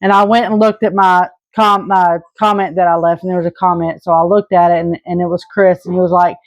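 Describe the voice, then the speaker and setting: A woman's voice: fairly low pitch, little pitch movement, fairly quick, no echo, lo-fi sound. A woman in her thirties from Arkansas, answering viewer questions in an earnest, rambling, casual way. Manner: earnest and rambling, with many restarts and fillers. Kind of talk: casual Q&A chat.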